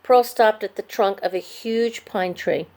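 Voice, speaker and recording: A woman narrating a children's chapter book aloud in an expressive storytelling manner. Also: mid-range voice, measured pace. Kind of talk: scripted narration.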